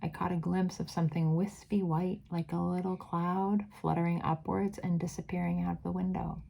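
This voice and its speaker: A woman reading a children's book aloud, measured, dropping to a whisper at tense moments. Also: lowish voice, flat delivery, creaky, warm tone, a little hiss or hum. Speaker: read-aloud narrator.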